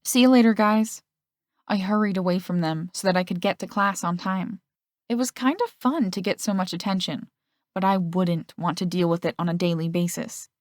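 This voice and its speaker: A woman narrates a first-person audiobook in a fairly low voice, close to the mic. The recording is dry, with no room sound, and she lifts her voice slightly when the characters speak. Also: fairly even intonation, moderate pace, no room sound. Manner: reads male and female characters' lines with shifts in pitch.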